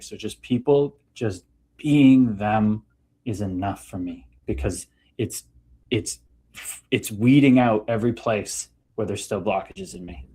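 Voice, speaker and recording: A man's voice: lowish voice, a little mellow. A man hosting a casual livestream conversation, talking candidly, swearing freely and reflecting on spiritual matters. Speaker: podcast host.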